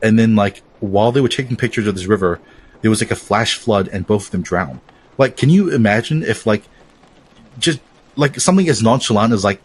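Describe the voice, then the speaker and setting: A man's voice: on the low side, expressive, a little fast, husky. A young man co-hosting a podcast, talking in slangy casual chat, calling people "dude" and swearing. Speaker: podcast co-host.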